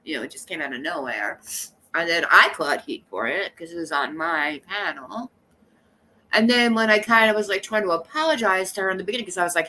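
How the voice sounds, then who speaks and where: A woman's voice: on the low side, animated, fairly quick, pushed and bright, slight background noise. A woman live streamer chatting casually with her viewers, rambling and blunt, coughing now and then from allergies. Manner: rambling, blunt and gossipy, talking straight to chat.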